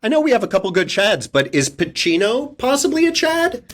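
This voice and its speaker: Relaxed man sharing movie trivia. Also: high-pitched, a little fast. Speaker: podcast panelist. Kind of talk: casual movie discussion.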